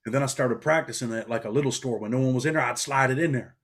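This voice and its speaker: A middle-aged man talks quickly in blunt, streetwise phrases. He keeps dropping "man" and "bro" as he tells his stories. His voice sits in a middle pitch. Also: a bit bright. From New York. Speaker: interview guest, former prisoner. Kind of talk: casual interview storytelling.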